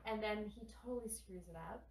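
A woman's voice: medium pitch, fairly quick, creaky, slight background noise. A woman co-hosting a podcast in casual chat, effusive and emotional. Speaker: podcast co-host. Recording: roomy, far from the mic.

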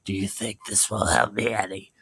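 A man voicing a diseased, creepy leper with a low croaking plea. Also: steady tone, moderate pace, fairly bright tone, no room sound, heavily acted. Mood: pleading. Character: diseased creepy male leper, hoarse and pleading.

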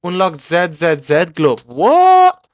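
A young man commenting live on his own gameplay, excitable and repeating words in bursts as he taunts other players. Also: a little high, normal speed, no echo, studio quality. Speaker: gaming video creator.

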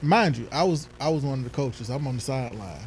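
A man co-hosting a casual talk show, speaking at an average pitch. He is an animated storyteller who acts out the voices of other people. There is a faint hum of noise behind him. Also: fast talker, rough recording. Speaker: podcast co-host; youth football coach. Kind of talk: casual chat.

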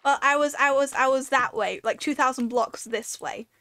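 This gaming video creator's voice is high-pitched and fairly bright, with fairly even intonation at normal speed, captured in a dry recording. She offers casual commentary as she plays a video game, talking to herself in a chatty, rambling storytelling style with fillers and slipping into panicked, repeated pleas.

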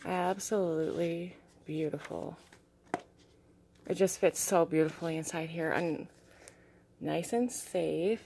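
A young woman vlogging casually as she shows her crystals and artwork, gushing and soft-spoken and often dropping to a hushed tone. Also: on the low side, takes it slowly, vocal fry, pauses often, a little hiss or hum. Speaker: vlogger showing crystals and art. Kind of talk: casual show-and-tell vlog.

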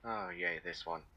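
A man's voice: medium pitch, highs cut off. A man playing a co-op video game with friends, making laid-back, playful wisecracks. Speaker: gamer playing co-op. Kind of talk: casual co-op gaming chat.

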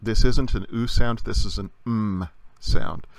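A man teaching a recorded language lesson, explaining patiently with frequent pauses and fillers. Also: fairly low pitch, fairly even intonation, gravelly, no echo.

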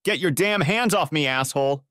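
A man voicing a furious, shrill woman who yells and curses, in a storybook reading. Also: big pitch swings, moderate pace, no room sound, studio quality. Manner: yelling, cursing, shrill.

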